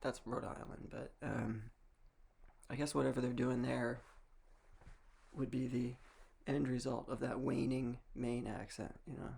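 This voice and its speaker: A man's voice: mid-range voice, flat delivery, unhurried, creaky, a little mellow, husky. A young man from Massachusetts, talking to camera in a rambling, wry way, with restarts and small laughs. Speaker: vlogger. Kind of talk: casual monologue.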